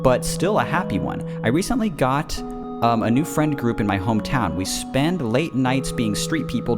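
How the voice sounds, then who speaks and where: Podcast guy reading out a fan email, swears a lot, trips over words, loud guitar playing behind him. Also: mid-range voice. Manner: swears freely, stumbles and laughs through the reading. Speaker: podcast co-host. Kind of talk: reading a listener email aloud and casual chat.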